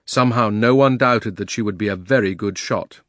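A man narrating a children's fantasy audiobook in a measured, expressive storytelling manner. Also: fairly low pitch, dry recording, studio quality. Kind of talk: audiobook reading.

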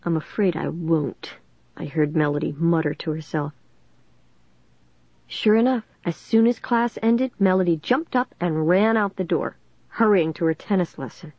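A woman with a fairly low voice reading a first-person children's story aloud, lively and expressive. The track is dry and close, with a slightly dull, lo-fi tone. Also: normal speed, no room sound. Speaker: audiobook narrator.

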